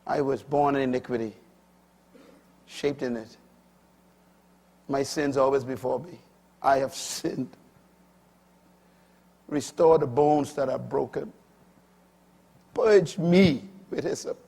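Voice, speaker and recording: An older man preaching a sermon, swinging between loud, high emphatic bursts and low, quiet asides. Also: slow pace, gravelly, pauses often.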